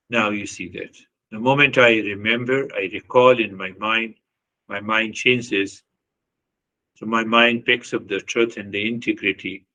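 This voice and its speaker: A man with a bright, forceful voice gives an earnest spiritual talk. He repeats himself for emphasis and puts pointed questions to his listeners. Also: fairly low pitch, rough recording. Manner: earnest, repetitive, with short laughs and acted quotes. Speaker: spiritual teacher.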